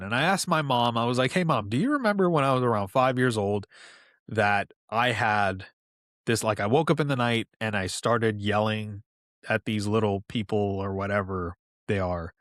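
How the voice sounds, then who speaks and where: A man in his thirties from New York, a podcast guest telling personal stories in a relaxed, conversational way with asides. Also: mid-range voice, no room sound, studio quality. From New York, USA. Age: 30s. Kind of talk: casual storytelling.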